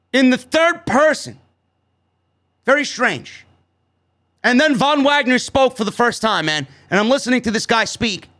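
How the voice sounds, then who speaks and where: A man's voice: very high-pitched, sharp tone. A man from New York casually recapping a wrestling show, blunt, sarcastic and given to swearing.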